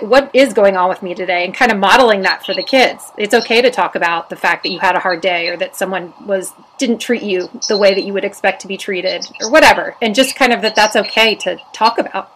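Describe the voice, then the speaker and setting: A woman hosting a podcast interview, easygoing and conversational, asking questions with soft fillers. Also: medium pitch, fast, few pauses, slight background noise, low-quality recording. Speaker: podcast host.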